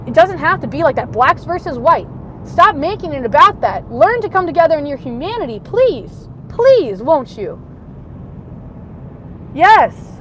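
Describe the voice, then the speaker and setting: A high-pitched woman vlogger livestreams a passionate, rambling rant while driving through city traffic, veering between shouting and muttering. Road and traffic noise fill the noisy car interior.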